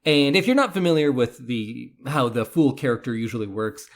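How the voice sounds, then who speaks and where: A man's voice: mid-range voice, animated, normal speed. Man explaining film history on a podcast. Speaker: podcast co-host. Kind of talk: casual film discussion.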